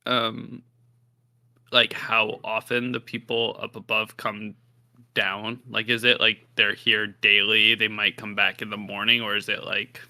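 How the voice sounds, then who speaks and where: Bright, gravelly-voiced man at a game table. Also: lowish voice, flat delivery, a little slow. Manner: inquisitive, drops to a whisper in character. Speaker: player. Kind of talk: tabletop role-play.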